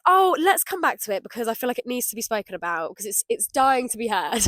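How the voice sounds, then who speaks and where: Woman, high voice, dry close sound, effusive, laughing, loud bursts then quiet murmurs. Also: big pitch swings, fast talker, few pauses, no room sound. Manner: effusive, laughs often, swings from loud shouts to low murmurs; talks to herself as "babe" and "darling". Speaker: podcast host. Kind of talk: solo spoken reflection outdoors.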